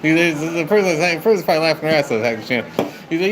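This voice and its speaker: A man's voice: on the high side, expressive, racing. Rambling, cussing man on a livestream. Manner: profane, rambling, talks to viewers. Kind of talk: rambling live-stream chat. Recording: noisy background.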